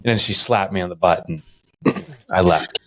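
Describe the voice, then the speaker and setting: A man co-hosting a podcast, telling stories in casual chat and mimicking others in a high voice. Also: normal speed, bright, forceful tone. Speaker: podcast co-host.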